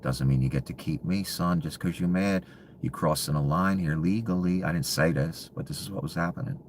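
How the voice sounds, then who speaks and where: A man in a bitter, profane ranting monologue, full of contempt and often sinking to low hushed muttering. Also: brisk, a little hiss or hum.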